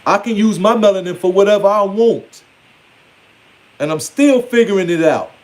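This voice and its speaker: A man's voice: high-pitched, moderate pace. A man giving a casual, blunt, playfully scolding monologue on spirituality. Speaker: spiritual speaker.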